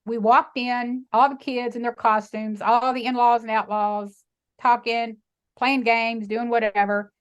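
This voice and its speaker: A middle-aged woman with a Texan drawl recounts a personal turning point in an interview. Her voice sits fairly high, and she speaks with emphatic, animated energy, slipping into the voices of the people she quotes. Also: unhurried, clean tone, dull audio. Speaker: guest, sanctuary founder. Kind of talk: emotional storytelling interview.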